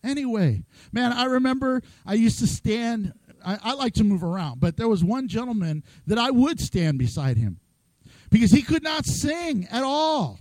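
High-voiced man preaching a sermon. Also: moderate pace, no echo, low-quality recording. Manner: lively, joking, acts out quoted voices. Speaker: pastor.

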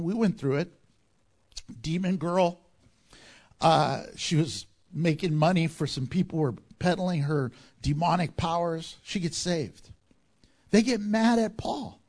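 Slow, high-voiced preaching man. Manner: preaching with wide swings between loud and hushed. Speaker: pastor. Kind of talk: sermon.

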